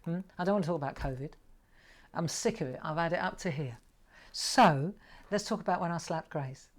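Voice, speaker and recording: A woman's voice: deep voice, brisk. A middle-aged woman hosting a live crafting show from home, chatting and telling a rambling story while she paints. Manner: chatty, rambling storyteller who laughs often. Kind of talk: live crafting demonstration with chat.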